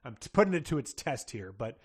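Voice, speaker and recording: A man co-hosting a podcast, hoarse from a cold, chatting casually in a rambling way with fillers and laughter. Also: medium pitch, sing-song, fast talker. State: hoarse, getting over a cold. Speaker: podcast co-host. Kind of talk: casual chat.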